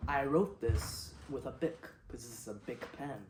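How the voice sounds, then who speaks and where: A man hosting an absurdist comedy show, rambling in a deadpan way with sudden loud outbursts. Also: medium pitch, moderate pace, echoey room, noisy background.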